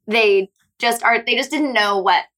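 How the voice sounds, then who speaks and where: A woman's voice: a little high, measured pace, a bit bright. A young woman from Seattle telling a story as a guest in a casual chat, rambling along with heavy filler words. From Seattle, United States.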